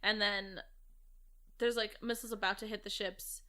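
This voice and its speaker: A woman's voice: medium pitch, steady tone, moderate pace, pushed and bright. A woman co-hosting a casual movie discussion, chatty and laughing often. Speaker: co-host.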